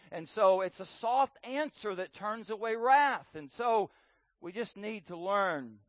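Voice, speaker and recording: A man preaching a sermon on marriage in an earnest way, repeating words for emphasis and swinging between loud and soft. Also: high-pitched, no echo, highs cut off.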